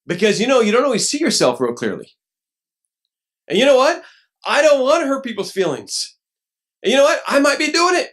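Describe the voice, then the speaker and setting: A pastor preaching a lively sermon, acting out quoted voices and now and then rising to a shout. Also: male voice, high voice, normal speed. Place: church.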